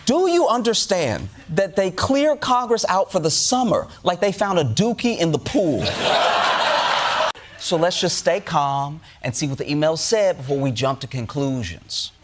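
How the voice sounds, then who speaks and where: Male comedy host, high voice full of swings, sarcastic punchlines, noisy recording. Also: big pitch swings, unhurried. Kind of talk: comedic monologue.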